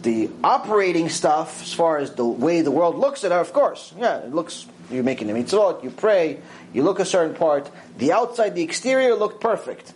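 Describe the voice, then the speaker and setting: A man giving a mussar lecture, telling a story with lively acted-out voices. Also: normal speed, a little hiss or hum, rough recording. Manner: animated storytelling, acts out quoted voices with big pitch swings. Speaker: Torah teacher.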